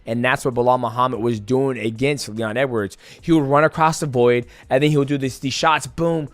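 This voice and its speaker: A man's voice: mid-range voice, steady tone, a little fast, no echo. A man in his thirties giving a casual, profane fight breakdown and acting out the moves as he explains. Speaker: fight analyst.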